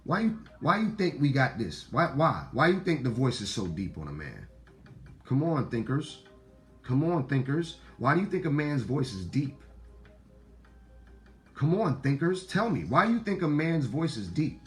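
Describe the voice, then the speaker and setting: Deep-voiced man, Black speech, preachy casual monologue, repeats and swears, faint music underneath. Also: big pitch swings, measured pace. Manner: swings between loud outbursts and low murmurs. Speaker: online talk host.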